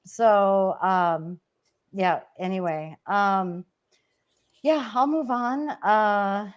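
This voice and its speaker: A woman's voice: mid-range voice, very slow, clear, resonant tone. A woman co-hosting a casual online chat, telling personal stories and reading viewer comments, getting emotional and laughing often. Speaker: co-host.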